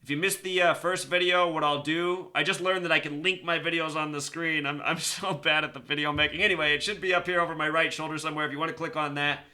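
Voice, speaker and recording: A man hosting his own video, talking casually and rambling, repeating numbers and speeding up, then slowing down to stress a point. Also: a little high, level tone, pushed and bright. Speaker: video host. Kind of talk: casual monologue to camera.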